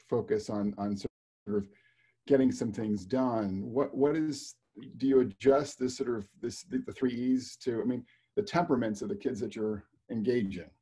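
A man with a low, slightly husky voice asks the guest a question over a video call. He is thoughtful but rambling, circling the point with lots of fillers before he lands it. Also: mellow. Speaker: panelist asking questions. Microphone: video call microphone.

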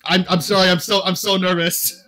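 A man's voice: sits high, little pitch movement, fairly quick, pushed and bright. A young man hosting a casual podcast chat, laughing and poking fun at himself. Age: young adult. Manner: laughing, self-deprecating, flustered. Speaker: podcast host.

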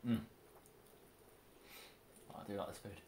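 A man eating on a livestream, dry and low-key, reading out viewer comments between bites. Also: a little slow, noisy background. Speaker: mukbang co-host reading chat. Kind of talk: casual chat while eating on a livestream. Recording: roomy echo.

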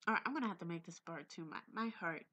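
A woman's voice: fairly low pitch, lively intonation, racing, bright, forceful tone. A young woman playing a horror game on her phone, talking through her fear, pleading and often dropping to a whisper. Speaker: gamer. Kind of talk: horror game reaction commentary. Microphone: phone or laptop mic.

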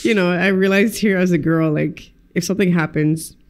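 A woman, a podcast guest, telling stories in a casual, animated way, acting out quoted voices and swearing freely. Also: lowish voice, moderate pace, crowd noise. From United States. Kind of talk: casual conversational storytelling.

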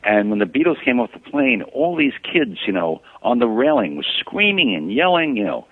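A man in his sixties, a photographer who is the guest in an interview, reminiscing in a relaxed, rambling way with many fillers. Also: mid-range voice, normal speed, breathy edge. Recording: tinny phone line.

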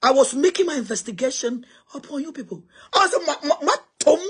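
A woman's voice: high-pitched, expressive, brisk. A woman with a Ghanaian accent giving an impassioned, confrontational spoken response, switching between Twi and English.

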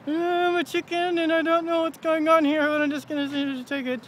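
A man voicing a dazed, contented male chicken at a zoo, drawling slowly in a raised voice. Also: extremely high pitch, level tone, a bit bright, slight background noise, pitched above the performer's own voice. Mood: bemused. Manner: slow, drawling and bemused.

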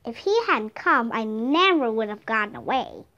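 A woman's voice: fairly high pitch, lively intonation, moderate pace, bright, forceful tone, dull audio. A woman reading as an eager young boy. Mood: earnest. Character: curious earnest young boy.

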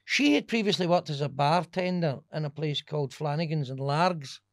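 A man's voice: a little high, moderate pace, dry recording, clean studio sound. A Scottish man, a stand-up comedian, telling swear-laden stories in a casual podcast chat. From Scotland. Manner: animated, swearing, laughing storyteller.

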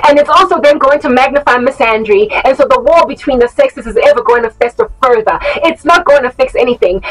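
Woman, impassioned religious vlogger; high, scolding, preachy. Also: a bit bright, rough recording. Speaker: online Christian commentator. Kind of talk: monologue vlog commentary.

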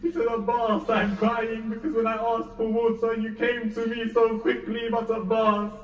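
Male lecturer, high-pitched, tearful and fervent storytelling; roomy hall sound, mic far off. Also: completely flat delivery, moderate pace. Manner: emotional, rising to near-wailing at peaks. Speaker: lecturer reciting Masa'ib. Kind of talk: Muharram majlis lecture with narrated story. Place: mosque or community hall. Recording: echoey hall, mic heard from a distance.

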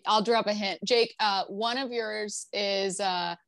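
A woman's voice: medium pitch, fairly even intonation, slow pace, a bit bright, no room sound. A woman who co-hosts a radio show, guesting on a podcast, giggly and rambling in casual chat.

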